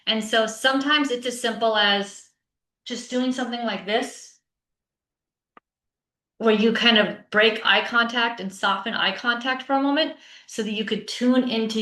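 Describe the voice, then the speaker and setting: A woman's voice: a little high, fairly bright tone. A woman giving a conference talk to teachers as a teacher coach. She speaks conversationally and often checks in with "right?". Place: online session with a chat. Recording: roomy echo.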